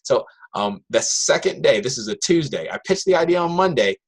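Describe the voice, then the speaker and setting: A man, a high school math teacher, telling a classroom story to an audience and acting out his students' voices. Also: moderate pace. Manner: animated, acts out students' voices in quotes.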